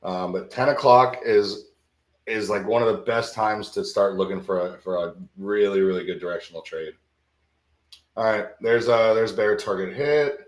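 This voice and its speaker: A man with a fairly low voice runs a live futures trading stream at a moderate pace, sleepy and yawning, talking loosely, thinking aloud, and often saying things twice. The audio has reverb.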